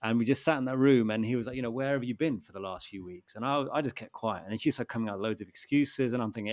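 Easygoing host in his thirties, mid-pitched voice, acts out quotes. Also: quick pace, hardly any pauses, slight background noise. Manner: relaxed storyteller, acts out quoted lines. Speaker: podcast host. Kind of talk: casual chat.

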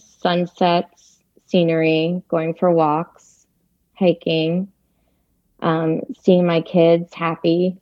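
A woman's voice: lowish voice, level tone, drawn-out words, no echo. A woman guest on a talk show, chatty and emotional, laughing easily as she answers. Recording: dull, lo-fi sound.

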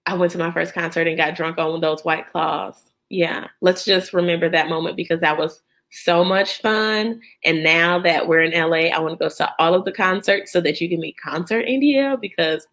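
A woman's voice: fairly low pitch, moderate pace. A woman in her thirties hosting a podcast, telling a story in a casual chat with lots of laughter and bits of sung lyrics. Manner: animated storyteller, laughing and breaking into song. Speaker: podcast host.

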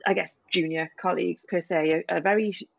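A woman's voice: on the low side, fairly even intonation, fairly quick, gravelly, breathy edge, no room sound, dull audio. A woman doctor co-hosting a casual podcast chat, talking loosely with lots of fillers and hedges. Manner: chatty, hedging with many fillers.

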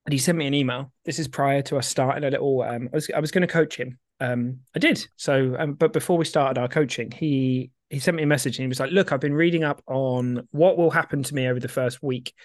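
A man's voice: medium pitch, fast, hardly any pauses, dry recording, studio quality. A man co-hosting a casual podcast chat, giggly and self-mocking. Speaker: podcast co-host.

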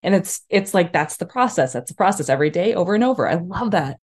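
Fast-talking upbeat woman host. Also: on the low side, animated, darkish tone. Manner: encouraging, upbeat affirmations. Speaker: podcast host. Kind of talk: casual podcast conversation.

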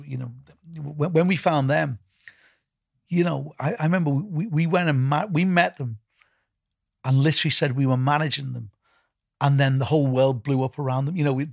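A man's voice: mid-range voice, gravelly, dry recording, studio quality. A middle-aged man with a Liverpool accent answering interview questions in a rambling, casual way, repeating words and filling gaps with "you know". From England. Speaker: festival founder and music executive.

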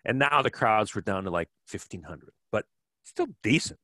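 A former track cyclist in his fifties from Kenosha, Wisconsin, tells stories as a guest in a relaxed interview, rambling with many restarts. His fairly low voice is pushed and bright, with lively intonation, a moderate pace, and no room sound.

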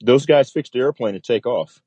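A man's voice: mid-range voice, moderate pace, mellow, slightly rough, no echo, dull audio. A man, a military pilot, telling a story in a casual interview and acting out the voices of the people in it.

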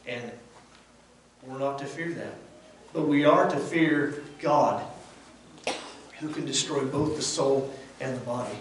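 At a slow pace with frequent pauses, a medium-pitched lay preacher delivers an earnest, conversational devotional. His plainspoken, folksy manner is picked up from a distance in a very echoey room with faint background noise.

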